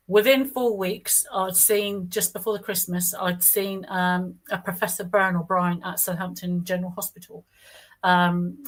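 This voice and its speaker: This middle-aged woman speaks at a fairly low pitch with a fairly bright tone, and the recording quality is low. Her first-person account is casual and meandering, full of restarted sentences and acted-out quotes from others.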